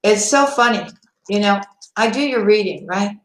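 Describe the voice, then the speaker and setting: A woman's voice: mid-range voice, normal speed, echoey room, a little hiss or hum, low-quality recording. A woman tarot reader chatting to viewers on a live-stream reading, talking to them directly and laughing often.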